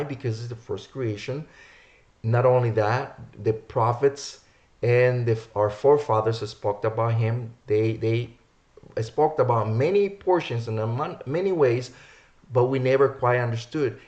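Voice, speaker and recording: A man's voice: medium pitch, a little mellow, dull audio. A man preaching a sermon, reading verses aloud and repeating key words for emphasis. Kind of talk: sermon teaching from scripture.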